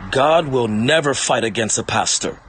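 A man's voice: medium pitch, lively intonation, moderate pace, a bit bright, husky. A man preaching an online sermon, repeating lines emphatically and addressing listeners directly.

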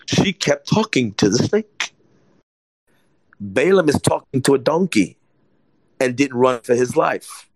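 A man's voice: medium pitch, very animated, unhurried, pauses often, no room sound, poor audio. A man delivering an informal, conversational sermon with a mid-range voice. He presses his points hard, repeats them, and keeps asking whether listeners follow him. The recording is close and dry. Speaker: preacher.

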